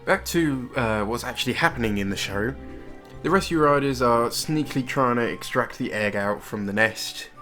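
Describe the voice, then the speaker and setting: A man's voice: medium pitch, normal speed. Wry British man narrating a review. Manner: wry, laughing at the show. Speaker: host narrating a show review. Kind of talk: casual commentary. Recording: faint music under the voice.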